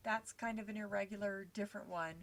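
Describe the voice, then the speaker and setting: A woman's voice: medium pitch, fairly even intonation, fast, vocal fry, a bit bright. A woman teaching a recorded lesson over slides, explaining patiently step by step with frequent small fillers.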